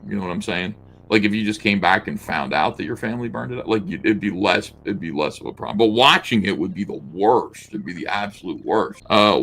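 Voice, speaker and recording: Sketching at his desk, a podcast co-host leafs through a comic and riffs on it casually and mockingly, laughing often and swearing. His voice sits low with a bit of brightness, and a faint hiss or hum can be heard.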